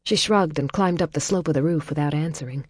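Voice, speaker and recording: Low husky woman narrating a novel. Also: dry recording, clean studio sound. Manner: calm, measured, drops to a near whisper in tender passages. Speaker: audiobook narrator. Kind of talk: scripted narration.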